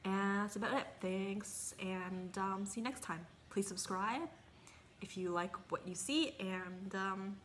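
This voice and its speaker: A woman's voice: mid-range voice, a little slow, a bit bright, a little hiss or hum. A woman casually vlogging a tomato taste test, chatty and a bit hesitant, sometimes talking with her mouth full. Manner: chatty, hesitant, talks while eating. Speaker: gardening vlogger. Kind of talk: casual tasting vlog.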